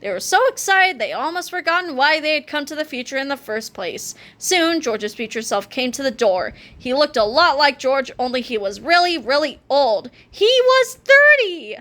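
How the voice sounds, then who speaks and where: A woman reads a children's chapter book aloud as expressive, animated storytelling. Her voice sits high and bright and rises and falls a great deal. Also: moderate pace, few pauses. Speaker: read-aloud narrator.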